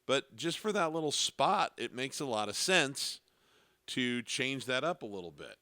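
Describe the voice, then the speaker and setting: A man teaching piano in a relaxed, explanatory way, counting beats aloud as he plays. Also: medium pitch, a little slow. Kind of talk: casual piano lesson with sung demonstrations. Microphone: studio dynamic microphone. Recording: piano playing loudly under the voice. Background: loud piano.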